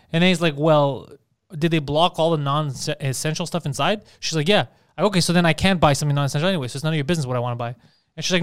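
A man's voice: a little high, smooth. A man co-hosting a podcast, telling profane stories in casual chat and acting out the people he quotes. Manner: fast, profane storytelling with animated voices for quoted people. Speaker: podcast co-host.

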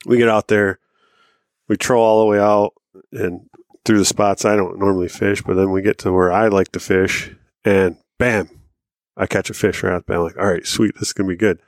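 A man's voice: lowish voice, steady tone, moderate pace, no echo, studio quality. A man co-hosting a podcast, telling a rambling story in casual chat, acting out what people said and swearing casually. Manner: rambling anecdotes, acts out quoted lines, swears casually. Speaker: podcast co-host.

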